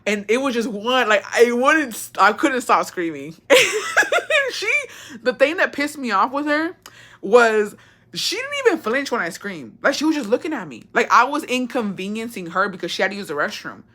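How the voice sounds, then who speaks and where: A young woman telling her viewers a story in a casual, animated way, swearing a lot and slipping between English and Spanish. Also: fairly high pitch, normal speed.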